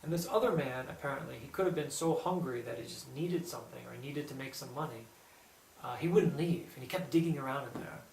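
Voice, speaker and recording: A man telling a personal anecdote in a casual, animated way, quoting others in lively bursts. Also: medium pitch, fairly quick, vocal fry. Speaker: storyteller. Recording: roomy echo, distant mic, faint background hum.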